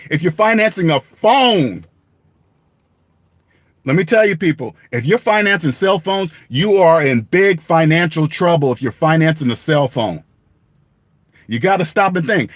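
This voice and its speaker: Blunt high-voiced man ranting to camera. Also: animated, normal speed, pauses often, fairly bright tone, dry recording. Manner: emphatic, repetitive, swears for emphasis, laughs at himself. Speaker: personal finance vlogger. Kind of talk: blunt direct-to-camera rant.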